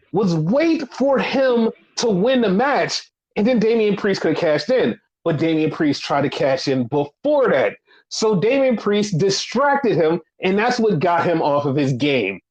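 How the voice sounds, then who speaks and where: A young man with a fairly high voice rants on a casual podcast. He swears a lot and hammers the same phrases over and over, heated and exasperated. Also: rough recording. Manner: profane, heated ranting with repeated phrases. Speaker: wrestling podcast co-host. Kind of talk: casual ranting podcast chat.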